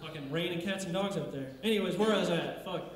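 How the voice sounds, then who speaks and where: A stand-up comedian with a rather high voice works through a crude, rambling set in a deadpan, offhand way. He speaks into a handheld stage mic, and the sound bounces hard around the bar room. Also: fast talker, very echoey.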